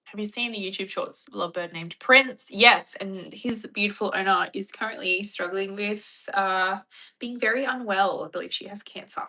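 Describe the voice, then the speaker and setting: Chatty woman talking to her stream, bright and laughy. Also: mid-range voice, normal speed. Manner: chatty, playful, laughs often. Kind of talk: casual chat.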